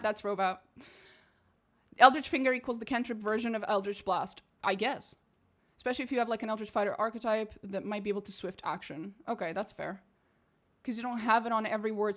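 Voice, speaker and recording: A woman from Portugal streams casual game commentary in English. Her accent drifts between posh British and American, and her voice sits a little high. She reads game text aloud and rambles with plenty of swearing. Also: fairly bright tone. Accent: mixed British and American English.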